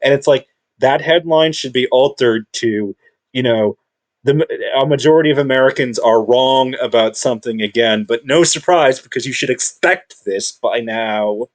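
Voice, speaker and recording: A man with a mid-range voice talks through an unscripted monologue. He keeps stumbling and restarting his sentences, yet his tone stays combative and sure of himself. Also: mid-range voice. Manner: rambling, halting, many restarts and fillers; combative, self-assured. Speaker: video commentator.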